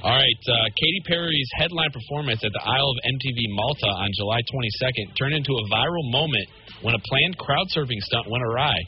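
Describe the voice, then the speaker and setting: A man reading quirky news items on a radio show, brisk with small stumbles. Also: mid-range voice, animated, lo-fi sound.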